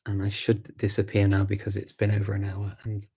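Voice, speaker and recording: A man with a Scouse accent hosting a live chat, answering viewer questions in a relaxed way, thinking aloud with many pauses and restarts. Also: lowish voice, a little hiss or hum. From Liverpool, England. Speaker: host of a live language chat.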